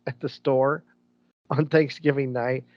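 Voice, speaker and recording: A man co-hosting a podcast chats casually, wandering through stories and frequently restarting his sentences. His mid-range voice is flat and slightly slow, and the recording sounds dull and lo-fi.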